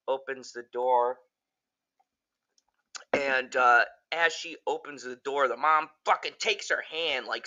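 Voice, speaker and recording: Man, casual movie review, bright voice, swearing constantly, excitable rambling. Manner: jumps high when quoting characters.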